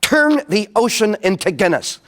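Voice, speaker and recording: An excitable castaway , voiced by a New Zealand comedian. He yelps high and loud, his pitch bouncing all over. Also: moderate pace. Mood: excited. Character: excitable Irish castaway man.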